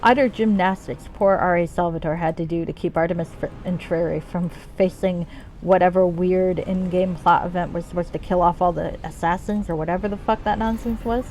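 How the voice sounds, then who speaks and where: A woman's voice: fairly low pitch, steady tone, a little fast, darkish tone, soft background music. A woman streaming a video game, chatting casually in rambling, profane tangents as she plays. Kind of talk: casual let's-play commentary.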